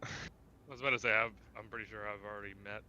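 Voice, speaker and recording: A young man talking low-key during a co-op game with friends. His voice is slightly low and very sharp and bright in tone. He chats in a relaxed, offhand way. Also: racing, smooth, dull audio. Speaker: co-op player. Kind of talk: casual gaming chat.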